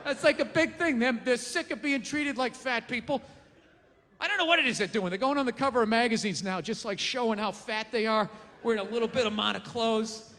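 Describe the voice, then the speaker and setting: A man doing a stand-up comedy set, ranting and mocking loudly, with profane punchlines. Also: very high voice, brisk, long reverb tail. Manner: ranting, mocking, loud and profane with acted quotes. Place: comedy stage before an audience.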